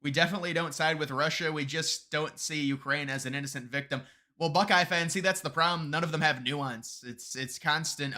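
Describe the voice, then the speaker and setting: Bright-voiced, heated male live streamer. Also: a little high, steady tone, fairly quick. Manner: argumentative, gets heated and emphatic; restarts and repeats words often. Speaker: live streamer reading viewer chat. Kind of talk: political live-stream commentary.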